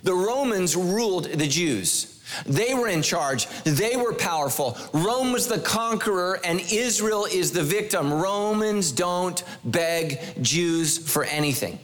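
High-voiced animated male pastor. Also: takes it slowly. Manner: animated, emphatic preaching with humor and rhetorical questions. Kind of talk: sermon.

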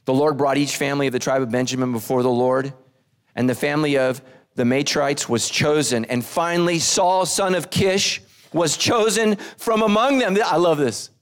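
Man, middle-aged pastor, high voice, lively sermon, acts out quotes. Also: moderate pace, clean tone.

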